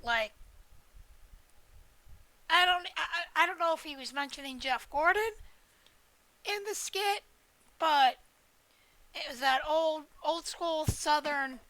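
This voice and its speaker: A woman streams a video game and chats casually, rambling, joking and swearing plenty. Her voice is high-pitched, pushed and bright, and the recording is rough with no echo.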